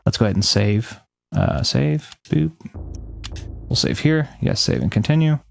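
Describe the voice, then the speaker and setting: A man's voice: medium pitch, animated, measured pace, creaky, a little mellow. Rambling man streaming a game. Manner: rambling, frequent restarts and self-corrections; reads game text aloud between chatting with viewers. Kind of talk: casual gameplay commentary with live chat.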